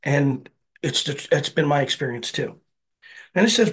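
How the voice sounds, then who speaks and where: A man's voice: a little high, moderate pace, husky. A man giving an earnest, conversational personal share at a recovery meeting, often checking in with his listeners. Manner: earnest, conversational, keeps asking "right?". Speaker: speaker sharing at a recovery meeting.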